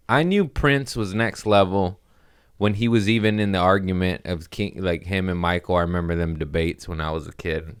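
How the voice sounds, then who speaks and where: Young male comedian host, lowish voice, loose crude storytelling, laughs at own bits. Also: a bit bright. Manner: rambling, crude, laughs at his own jokes. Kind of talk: casual comedic monologue.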